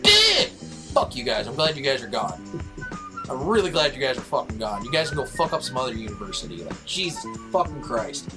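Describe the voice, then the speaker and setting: A man's voice: mid-range voice, wildly swooping pitch, fairly quick, music in the background, poor audio. A young man on a casual podcast, ranting about football in a heated, profane way. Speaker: podcast co-host.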